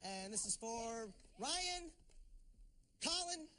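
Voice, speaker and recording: A man's voice: very high-pitched, sing-song, takes it slowly, pushed and bright. A man hosting a game show, introducing games with jokes and chuckling between them. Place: television studio stage. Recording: studio with audience noise.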